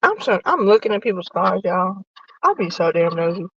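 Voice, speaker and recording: A woman hosting a casual, profane sports chat from her parked car while eating lunch, animated and nosy. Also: medium pitch, normal speed, slightly rough, no echo, lo-fi sound. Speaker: sports podcast host. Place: parked car in a parking lot.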